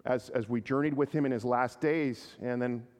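A man's voice: mid-range voice, a little mellow. Earnest pastor man in a reverberant hall. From Canada. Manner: earnest, halting with repeated words. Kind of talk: sermon.

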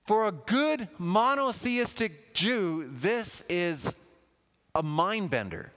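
A man preaching a sermon in a lively, conversational way, with asides to the congregation. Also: sits high, slow. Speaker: pastor. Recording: long hall reverb.

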